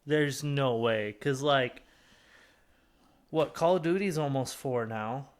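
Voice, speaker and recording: A man's voice: medium pitch, slow pace, smooth. A young man co-hosting a podcast in casual chat, laid-back, cursing and tossing in short reactions. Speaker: podcast co-host.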